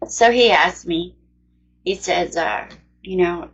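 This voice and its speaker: A woman's voice: lowish voice, slow, slight background noise. Earnest woman telling her story, lo-fi. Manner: earnest, plain-spoken, rambling recollection. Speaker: mother sharing her faith testimony. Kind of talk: casual personal storytelling.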